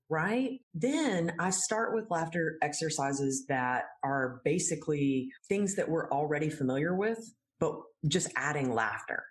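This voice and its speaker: A woman who teaches laughter yoga, explaining it in a friendly way in an interview and laughing easily. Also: low-pitched. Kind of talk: interview answers.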